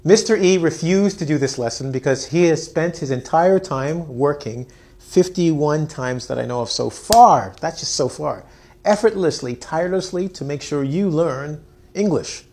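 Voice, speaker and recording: A man with a fairly high, slightly mellow voice teaches an English lesson on video in a playful style. He jokes, mocks himself, and acts out his students.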